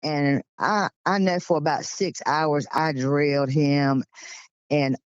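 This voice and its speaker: A woman's voice: low-pitched, steady tone, slow, smooth, dry recording. A woman in her sixties talks with a Georgia drawl, rambling along in a chatty, homespun way. The recording sounds dull, lo-fi and dry, with no room sound. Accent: Southern US, Georgia. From Georgia, USA. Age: 60s. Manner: chatty, rambling, folksy storyteller. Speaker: guest recounting encounters. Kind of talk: casual storytelling.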